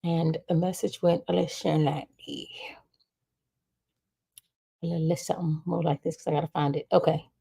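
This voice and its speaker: A woman's voice: low-pitched, steady tone, normal speed, vocal fry, long pauses, warm tone, husky. A young woman hosting a livestream, chatting casually with viewers and reading their comments aloud. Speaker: livestream host.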